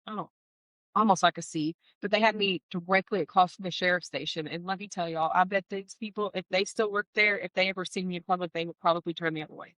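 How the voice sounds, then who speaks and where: A woman tells her life story in an interview, candid and heartfelt, slipping in wry asides. Her voice is bright and clear. The recording is close and dry, with no room sound. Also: fairly low pitch, fairly even intonation, fast talker, dry recording, low-quality recording. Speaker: guest sharing a personal testimony. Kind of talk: emotional personal storytelling.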